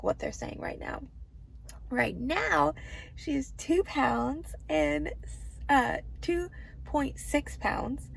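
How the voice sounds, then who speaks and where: A woman vlogging from a hospital room as a pregnancy vlogger, chatting to camera in a bubbly, gushing, excitable way. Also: a little high, gravelly, breathy edge. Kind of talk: casual chat to camera.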